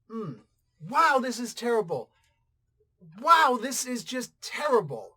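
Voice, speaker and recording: A man's voice: high voice, a bit bright. Guy doing a comic review rant, crude and mocking, voice swings all over the place. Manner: blunt, crude and mocking, with laughter. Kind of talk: casual ranting review.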